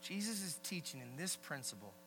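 A man preaching a sermon as a pastor, emphatic and animated, swinging between loud emphasis and hushed asides. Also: on the high side, a little fast, faint music behind. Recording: long hall reverb with faint mains hum.

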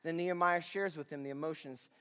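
A man preaching a sermon as pastor, animated and emphatic, repeating his phrases and swinging from loud exclaiming to hushed intensity. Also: fairly high pitch, fast, big-room sound.

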